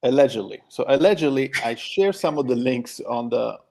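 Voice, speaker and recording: Italian-accented male guest, gravelly tone, measured delivery with fillers. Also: mid-range voice, animated, a little mellow. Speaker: podcast guest and editor. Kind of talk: casual podcast chat.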